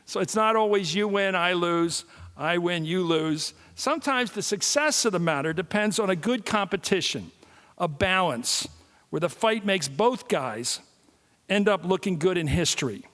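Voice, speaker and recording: A man in his sixties giving a public lecture, telling stories and jokes in an animated way. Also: sits high, moderate pace. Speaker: guest speaker. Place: large hall. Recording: long reverb of a large hall.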